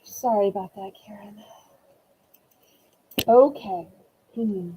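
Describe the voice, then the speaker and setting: Taking it slowly in a mellow voice, a woman runs a home live-stream auction for webcam viewers. She fights back tears before switching to upbeat selling. The low-quality audio has slight background noise.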